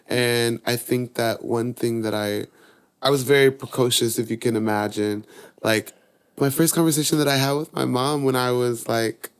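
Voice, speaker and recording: A young man guests on a casual podcast, his voice carrying a gravelly, creaky edge. He tells personal stories in an animated way, his pitch sitting around the middle. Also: normal speed. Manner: animated storyteller, voices his younger self and mom in higher tones. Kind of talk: casual chat, storytelling.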